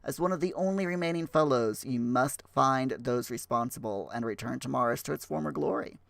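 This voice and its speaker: A man hosting a game livestream in chatty, halting speech full of fillers, putting on a rough Scottish accent. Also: medium pitch, a bit bright, dry recording. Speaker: livestream host. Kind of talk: casual livestream chat.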